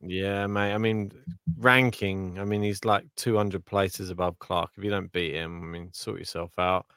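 Man, podcast co-host, slangy teasing chat, clear voice. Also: low-pitched, fairly even intonation, normal speed, a bit bright, dry recording, clean studio sound. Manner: banter, slangy, calls partner mate. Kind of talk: casual chat.

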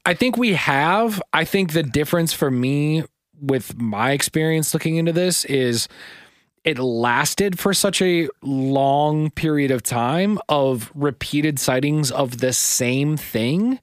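A man's voice: fairly high pitch, takes it slowly, dry recording, clean studio sound. Rambling man co-hosting a podcast. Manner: rambling with many fillers and likes, retells stories in voices. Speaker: podcast co-host. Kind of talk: casual chat.

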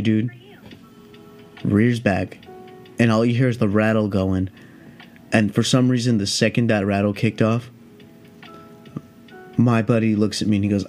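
A young man with a lowish voice rambles through a story, relaxed and high, swearing freely as he drifts off topic. Faint music plays behind him. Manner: profane, meandering, laid-back. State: high on cannabis. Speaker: podcast host.

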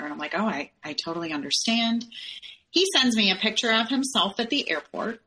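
A woman's voice: medium pitch, fairly quick, sharp tone. A woman as a podcast guest, candidly recounting a personal story and acting out the quoted dialogue as she tells it. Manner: candid, acts out quoted dialogue in her retelling.

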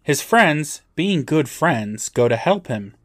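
Recapping a TV episode in a casual chat, this podcast co-host sounds dry and matter-of-fact. His voice is slightly high and fairly bright, swinging widely in pitch while he speaks slowly.

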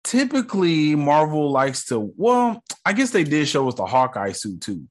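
Man, american, podcast host, slangy, rambling, relaxed solo review chat. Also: on the high side, normal speed. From United States. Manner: laid-back, slangy, rambling with fillers.

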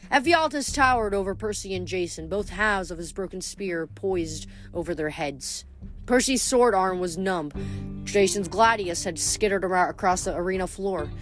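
Woman reading a novel aloud. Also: mid-range voice. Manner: steady reading with some stumbles and self-corrections. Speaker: reader.

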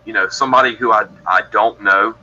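A man's voice: lowish voice, a little fast, pushed and bright, highs cut off. A man from Georgia in the US, telling his story as a podcast guest in a rambling, matter-of-fact way that keeps correcting itself. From Georgia, USA. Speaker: guest describing encounters.

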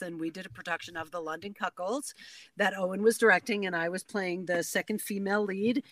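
A woman's voice: mid-range voice, a bit bright, no echo. A woman who works as a dialect coach, chatting animatedly as a guest. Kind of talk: casual conversation.

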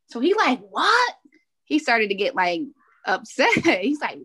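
A woman's voice: mid-range voice, sing-song, moderate pace, a bit bright. A woman co-hosting a podcast, telling a funny story in a casual way and laughing as she goes.

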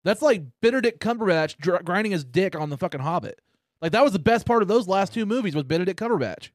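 Animated, profane American man. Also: sits high, fast talker, no room sound, clean studio sound. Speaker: podcast host. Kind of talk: crude casual podcast banter.

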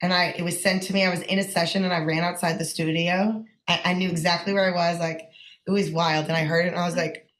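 A young woman, a songwriter guest, chatting in a casual interview, animated and swearing freely with lots of "like". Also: lowish voice, fast.

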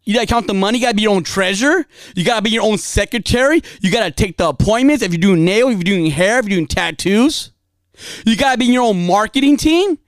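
A woman's voice: mid-range voice, expressive, fast, no room sound. A woman giving a casual motivational talk, emphatic and repetitive, dropping slang as she drives her points home.

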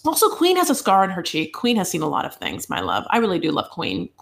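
A woman's voice: on the low side, fast, gravelly, slight background noise. A woman co-hosting a podcast, retelling a reality show episode in casual chat with lots of asides and "like". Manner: animated storyteller, lots of "like" and asides. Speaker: podcast co-host.

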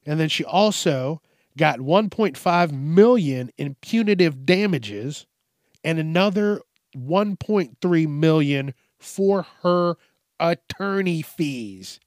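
Slow-talking laid-back man. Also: fairly high pitch, animated, darkish tone, no echo, clean studio sound. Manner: profane, rambling, laid-back. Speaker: host. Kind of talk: casual news commentary.

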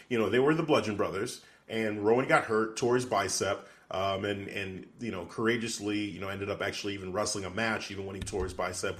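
Podcast co-host, male, lowish voice, casual and rambling, heavy on fillers. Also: fairly bright tone. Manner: rambling, many "you know" fillers. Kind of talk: casual chat.

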